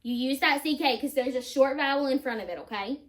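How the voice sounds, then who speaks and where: A woman teacher, slowly sounding out spelling words for children. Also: high-pitched. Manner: slow, deliberate sounding-out of words.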